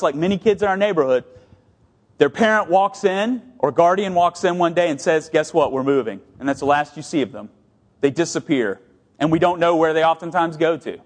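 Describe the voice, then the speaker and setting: A middle-aged man preaching to his congregation in a slightly higher-than-usual voice. He tells stories at a quick clip, then slows right down to land each point with weight. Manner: storytelling, shifts between brisk and slow emphatic delivery. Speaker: pastor. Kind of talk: sermon.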